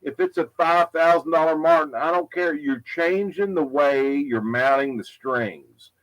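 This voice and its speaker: A man's voice: on the high side, unhurried, fairly bright tone, poor audio. A middle-aged man who repairs guitars, talking casually and bluntly, rambling, repeating himself and swearing. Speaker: guitar repair tech and product maker. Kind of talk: casual live product talk. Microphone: unsure where the mic is.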